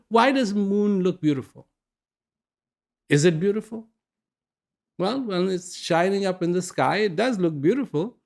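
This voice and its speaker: A man giving a reflective personal message, speaking slowly and posing many rhetorical questions. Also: high-pitched. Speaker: spiritual speaker.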